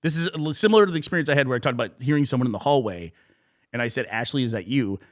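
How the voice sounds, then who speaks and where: A man's voice: mid-range voice, rapid-fire. A middle-aged man co-hosting a podcast, telling a rambling story in casual chat. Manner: rambling storyteller, animated retelling. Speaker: podcast co-host.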